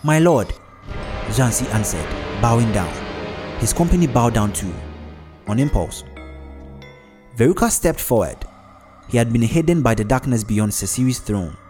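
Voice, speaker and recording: A man reading a dark story aloud in a dramatic, scripted narration. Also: mid-range voice, expressive, moderate pace, pauses often, faint music behind. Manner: dramatic, acts out every character.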